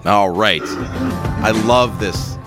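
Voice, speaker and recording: A man's voice: fairly low pitch, very slow, music in the background. A man co-hosting a morning radio show, chatting casually and reacting eagerly to his partner. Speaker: radio co-host. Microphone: studio microphone.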